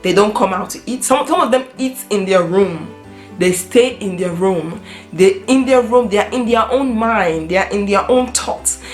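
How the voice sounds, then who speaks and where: A woman's voice: medium pitch, normal speed. A middle-aged woman from Africa talking earnestly to camera in a casual vlog, often repeating and restarting her phrases. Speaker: vlogger. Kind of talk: casual personal talk to camera. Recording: roomy echo with faint guitar music.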